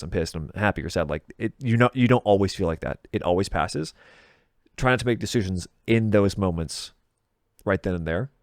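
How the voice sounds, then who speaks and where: In a low voice, this thirty-something podcast guest, who creates video game content, chats casually and candidly, cursing freely and poking fun at himself. The recording is dry and studio quality.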